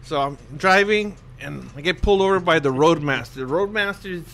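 A man with a high, bright voice tells a story with animation among friends. He swears freely and sounds sharp and lively. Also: brisk, vocal fry. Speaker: former Marine reservist telling a story. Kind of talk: casual chat among friends.

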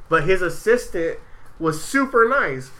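A man's voice: sits high, sharp tone. A man who works event security, chatting casually and telling stories, laughing often and acting out what people said. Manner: laughing storyteller, acts out quotes with swearing. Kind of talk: casual chat.

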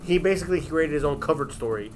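A man's voice: fairly high pitch, animated, fast talker, a crowd in the background. A man in casual chat, explaining a theory emphatically and swearing for stress.

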